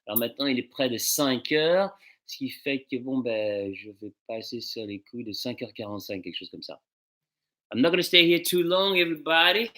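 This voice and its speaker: A man hosting a casual music livestream, greeting viewers by name in a relaxed, chatty way and slipping into French and Spanish greetings. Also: lowish voice. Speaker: musician hosting a live stream.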